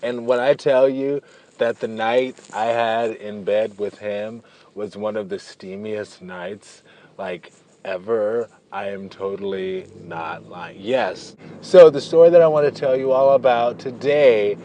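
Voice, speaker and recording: A man's voice: lowish voice, takes it slowly, dark tone, a little hiss or hum. A man vlogging, telling a personal story in a chatty, playful way, drifting into tangents and stretching out words for emphasis. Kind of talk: casual storytelling to camera.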